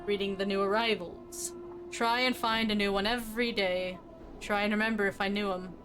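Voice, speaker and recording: A woman voicing a gruff, weary male gravedigger in a game, with a slow, resigned drawl. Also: mid-range voice, fairly even intonation, over music, close to an everyday voice.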